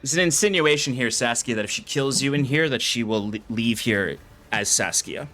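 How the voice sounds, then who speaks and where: A man's voice: medium pitch, lively intonation, moderate pace, pushed and bright. A man narrating as game master of a tabletop game, describing scenes casually with many fillers.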